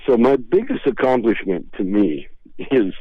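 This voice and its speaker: Laid-back older man with a husky voice. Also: mid-range voice, sing-song, a little slow, dry recording, narrow, tinny audio. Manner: rambling, laid-back anecdotes with repeated restarts. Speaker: interview guest, comedian. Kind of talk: casual storytelling.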